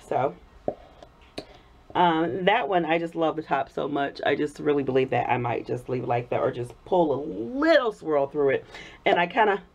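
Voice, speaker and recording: A woman talks casually to her viewers while she works on a craft, and a cold has left her voice hoarse. Her voice sits on the low side and swings widely in pitch. The recording sounds dull and lo-fi. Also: expressive, normal speed. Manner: chatty, warm thanks to viewers, frequent laughs. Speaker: soap-making vlogger.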